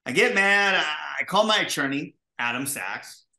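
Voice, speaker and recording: Forceful, animated man telling stories. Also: on the high side, normal speed, gravelly, reverberant. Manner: animated, profane, acts out dialogue. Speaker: guest, pizza restaurateur. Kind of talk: casual interview storytelling.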